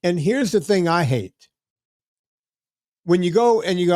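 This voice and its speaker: A man's voice: sits high, lively intonation, measured pace, long pauses, darkish tone, dry recording, studio quality. A middle-aged man hosting a podcast, telling stories in a blunt, chatty way and often repeating words as he starts a sentence. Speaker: podcast host. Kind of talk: casual chat.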